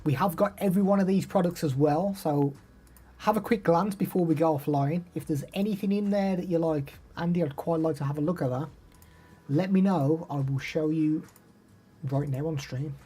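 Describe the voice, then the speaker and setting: Midlands guy live streaming, chatty, mellow dark voice, bit husky. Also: fairly high pitch, moderate pace. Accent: English Midlands. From the English Midlands. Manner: chatty, reads out viewer names and answers them. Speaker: live streamer demoing microphones. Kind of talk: casual live stream chat.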